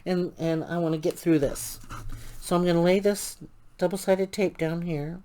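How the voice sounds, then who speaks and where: A woman hosting a crafting channel, telling an indignant, animated story about a customer service complaint while she works on a craft. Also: on the low side, normal speed.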